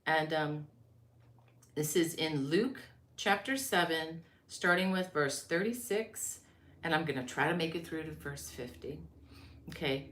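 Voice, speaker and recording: Woman, low voice, chatty live-stream host, reads comments aloud, echoey room. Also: unhurried, a bit bright. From Florida, USA. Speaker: crochet designer hosting a live stream. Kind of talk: casual live-stream chat.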